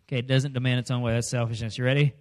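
A middle-aged man delivers a comedic sermon with a light, jokey touch. He acts out little voices and scenes, then suddenly bursts into loud lines before settling back into plain storytelling. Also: mid-range voice, level tone, very fast. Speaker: preacher.

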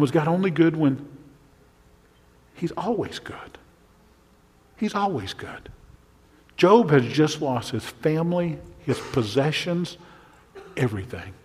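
A male pastor preaching a sermon, asking the listeners questions and swinging between urgent emphasis and a hushed, near-whispered voice. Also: medium pitch. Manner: preaching with rhetorical questions and sudden drops to a hushed voice. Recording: long reverb of a large hall.

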